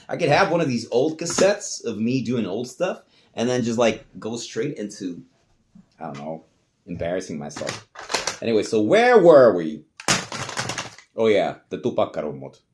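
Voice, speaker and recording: A man's voice: mid-range voice, big pitch swings, moderate pace. A man, rambling casually and swearing offhandedly while he tests old recording gear at home. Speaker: vlogger. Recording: noisy home recording with clicks.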